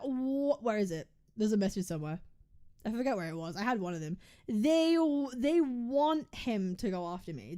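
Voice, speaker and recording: Her voice is mid-range, smooth and dark in tone, expressive and brisk. Speaking directly to her chat during a casual stream, this game streamer rants about her friends with heavy profanity and frustration, frequently restarting and repeating herself.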